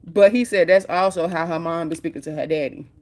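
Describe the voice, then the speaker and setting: A woman's voice: fairly low pitch, a little fast, darkish tone. Chatty woman telling a story. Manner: chatty, slangy, acts out the quotes. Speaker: storyteller vlogger. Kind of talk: casual storytime retelling.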